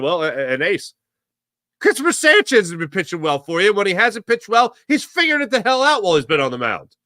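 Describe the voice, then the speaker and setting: Excited bright-voiced man talking sports. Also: sits high, dry recording, clean studio sound. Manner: excited, rambling, fan-like. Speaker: sports podcast host. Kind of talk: casual sports commentary. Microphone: podcast mic.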